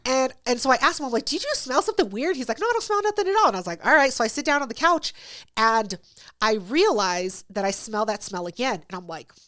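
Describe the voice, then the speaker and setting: A woman's voice: fairly high pitch, lively intonation, fairly quick, sharp tone. A woman hosting a podcast, telling a story in casual, profane chat and acting out both sides of it. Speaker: podcast host.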